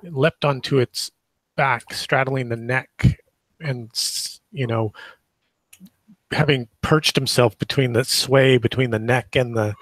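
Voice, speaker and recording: A man running a tabletop game as game master, narrating in a halting way with frequent restarts. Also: medium pitch, a bit bright, no room sound.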